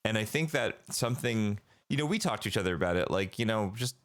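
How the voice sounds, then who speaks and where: A man's voice: lowish voice, lively intonation, quick pace. A man in his forties co-hosting a parenting podcast, talking in a rambling way with lots of fillers and restarts. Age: 40s. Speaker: podcast co-host. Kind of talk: casual chat.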